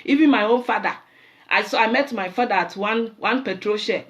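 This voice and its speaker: A woman with a Nigerian accent hosting a show, telling animated stories in a casual monologue and slipping into pidgin. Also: medium pitch, fairly quick. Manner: animated storyteller mixing in pidgin. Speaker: show host.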